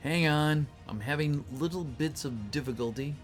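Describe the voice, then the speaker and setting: A man's voice: fairly high pitch, moderate pace, soft background music. A man chatting casually with his livestream viewers, reading their messages aloud and greeting them, his voice a little tired. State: voice getting tired. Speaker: voice actor reading a script on a livestream.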